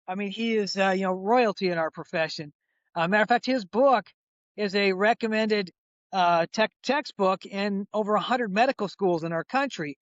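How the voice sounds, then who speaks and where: Animated older man telling a story. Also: sits high, moderate pace, dry recording, muffled recording. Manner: animated storyteller, acts out quoted voices, frequent restarts. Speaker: chiropractor guest. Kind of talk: conversational storytelling.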